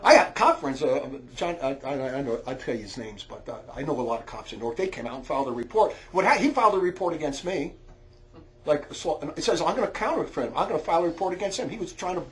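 A man tells a rambling story in a high, very lively voice that swings widely up and down. He is loud and heated, bursts into shouts, and trips over frequent restarts. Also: fast talker. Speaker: storyteller on a talk recording.

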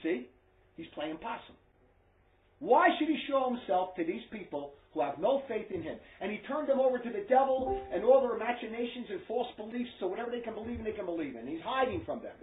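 A man's voice: high-pitched, lively intonation, fairly quick, a little hiss or hum. A man preaching to a small group in a blunt, emphatic, scolding way. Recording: echoey tinny phone-like recording.

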